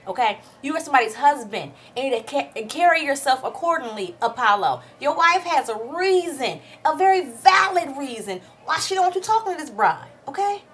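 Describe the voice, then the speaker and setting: A young woman doing a fired-up, sassy recap of a reality show, swearing freely. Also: high-pitched. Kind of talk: casual ranting recap.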